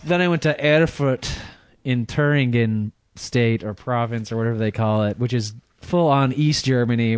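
A man's voice: mid-range voice, a little mellow, smooth, no room sound, clean studio sound. A man on a podcast, telling a rambling story in casual chat, laughing through it. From Michigan. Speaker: podcast regular.

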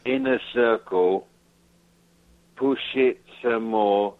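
Male English caller, low voice, crude and singsong, dull phone-message sound. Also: slow, no echo. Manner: rambling, half-singing, crude.

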